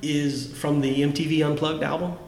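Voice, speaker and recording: A podcast host with a fairly high, slightly mellow voice speaks at a moderate pace with flat delivery. He enthusiastically and casually talks through his favorite songs, restarting sentences often. Faint background noise and room echo are audible.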